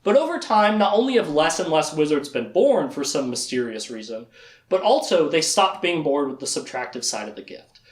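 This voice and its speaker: A man with a rather high, very lively voice recaps a story in casual podcast chat. He keeps slipping into the characters' lines with quick quoted voices. He is recorded in an echoey room. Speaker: podcast host.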